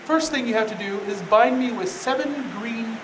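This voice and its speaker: A man voicing an easygoing biblical strongman in a calm, placating way. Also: very high voice, moderate pace, noisy background, pitched above the performer's own voice.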